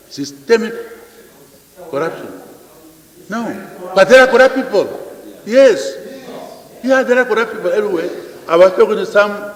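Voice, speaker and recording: An older man speaks off the cuff to a parliament, his voice pitched a little high. He repeats his phrases and throws questions at the room. The sound rings through a large hall with a long echo. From Namibia. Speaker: president answering parliament. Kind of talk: unscripted parliamentary address. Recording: echoey chamber with long reverb.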